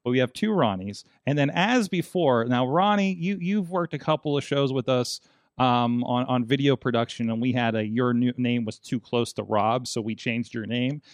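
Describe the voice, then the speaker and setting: A man's voice: medium pitch, normal speed, dry recording, studio quality. A man hosting a wrestling podcast, rambling and joking, laughing often between lines. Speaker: podcast host. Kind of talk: casual chat.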